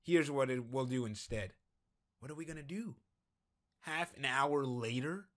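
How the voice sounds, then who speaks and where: A man's voice: medium pitch, a little slow. A man commenting on a game as he plays, joking around and reading the on-screen text aloud. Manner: joking, animated, reads dialogue in voices. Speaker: gameplay commentator.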